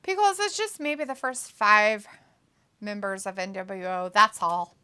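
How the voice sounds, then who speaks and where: A woman's voice: medium pitch, sing-song, a little slow, pushed and bright, clean tone. A woman co-hosting a wrestling watch-along stream, reading viewers' chat comments aloud and laughing often. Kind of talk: casual live stream chat.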